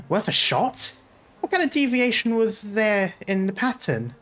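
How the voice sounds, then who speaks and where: A man voicing a blunt, sharp-tongued woman sea hunter who asks curt, incredulous questions, reading a game's lines aloud. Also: sits high, big pitch swings, unhurried, pitched above the performer's own voice, exaggerated voice.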